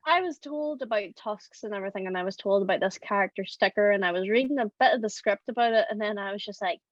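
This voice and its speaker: An Irish woman, a voice actor, telling stories in an animated, rambling way in casual podcast chat. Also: mid-range voice, fast talker, no room sound, muffled recording. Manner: chatty and animated, rambling storytelling. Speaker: audio drama voice actor.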